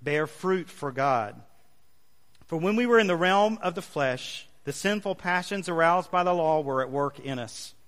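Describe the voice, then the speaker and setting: A male pastor preaching a sermon, leading the congregation in call-and-response with emphatic, drawn-out phrases. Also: on the high side, lively intonation, a bit bright. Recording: long hall reverb.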